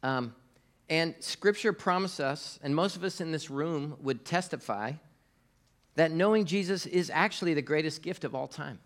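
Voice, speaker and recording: A man's voice: fairly high pitch, normal speed. A middle-aged man giving a conversational sermon as pastor, speaking casually to the congregation with fillers and prompts to the audience.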